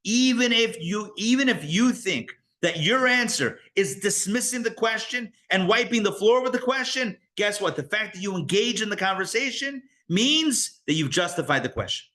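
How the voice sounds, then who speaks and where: A man, a rabbi, teaching a live Torah class in an animated, conversational way, full of rhetorical questions and asides. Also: high voice, normal speed, few pauses.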